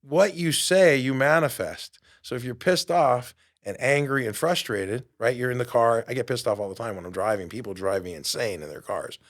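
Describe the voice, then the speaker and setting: Man, late fifties, podcast host, fitness coach, motivational talk, middle pitch, emphatic, loud then soft, studio. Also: moderate pace, hardly any pauses. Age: 50s. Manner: energetic, emphatic, swings from loud to quiet.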